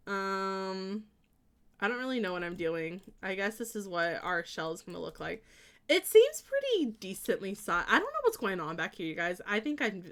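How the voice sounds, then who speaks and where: A young woman streamer chatting casually with her viewers while she plays, laughing often and reading their messages aloud. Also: mid-range voice. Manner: bubbly, giggly, reads chat aloud. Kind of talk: casual chat while playing a game.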